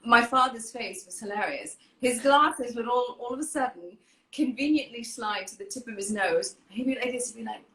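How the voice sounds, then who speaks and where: Woman host chatting, earnest and laughy, crisp bright tone. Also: on the high side, normal speed. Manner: warm, earnest and laughing while telling stories. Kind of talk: casual chat. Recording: roomy echo.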